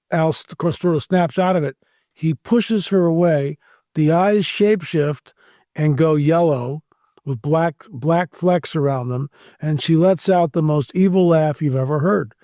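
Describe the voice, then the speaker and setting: Gravelly-voiced man telling a story. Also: a little high, dry recording, studio quality. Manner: animated storyteller, acts out quoted dialogue. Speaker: guest researcher. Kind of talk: interview storytelling.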